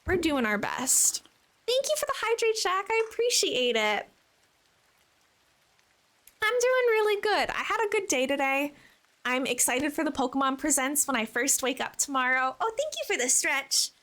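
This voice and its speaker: A woman's voice: high-pitched, very animated, normal speed, fairly bright tone. A young woman chatting casually as a live streamer while playing, bubbly and talkative, answering her viewers.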